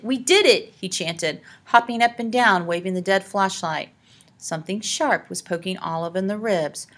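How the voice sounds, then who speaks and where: Audiobook narrator: woman, lowish voice, dramatic storytelling delivery. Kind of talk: scripted narration.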